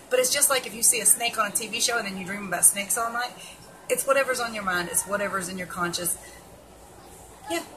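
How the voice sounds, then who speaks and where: A woman's voice: mid-range voice, background noise. A woman giving casual, blunt and sarcastic commentary on an article, swearing freely as she reacts. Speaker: keto vlogger.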